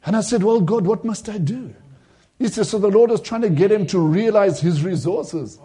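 A man's voice: high-pitched, moderate pace, mellow, slightly rough. A man preaching a sermon, retelling a vision and acting out the voices in it with rising emphasis.

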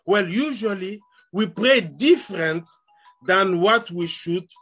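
Emphatic preacher man, high-ish voice. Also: expressive, a bit bright, slightly rough, faint music behind. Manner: conversational preaching with rising emphatic lines and quick asides. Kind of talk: sermon.

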